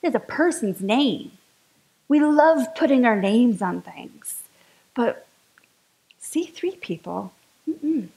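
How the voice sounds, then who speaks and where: A woman speaks to her spiritual community in a chatty, enthusiastic sermon-style talk. Her voice sits a little high, with a gravelly texture. She takes her time with each phrase. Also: lively intonation, takes it slowly, pauses often, warm tone, rough recording.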